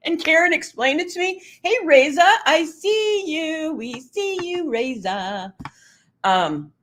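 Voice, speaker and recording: A middle-aged woman chats with viewers on a casual livestream. Her voice swings widely in pitch and she laughs readily. She is emotional and talkative, reading comments aloud. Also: takes it slowly. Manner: chatty and emotional, laughs often, lively pitch. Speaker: livestream host.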